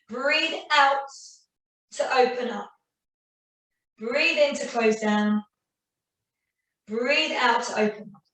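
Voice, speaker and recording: Echoey, high-voiced woman leading Pilates. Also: fairly bright tone, recorded from a distance. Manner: encouraging, counts reps and cues breathing. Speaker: Pilates instructor. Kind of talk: guided exercise class instruction. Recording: very echoey room, voice from off-mic.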